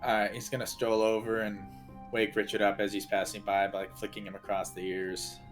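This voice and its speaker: A man playing a tabletop game, calmly stating his character's actions in a matter-of-fact way. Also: lowish voice, brisk, soft background music. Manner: laid-back, matter-of-fact declarations of actions. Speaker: player.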